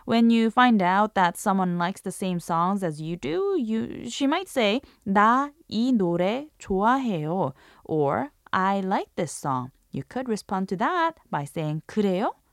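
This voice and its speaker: A woman's voice: medium pitch, sing-song, normal speed, hardly any pauses, no echo, studio quality. A woman hosting a language lesson, reading a scripted explanation and demonstrating intonation with example phrases. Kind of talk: scripted radio-style lesson narration.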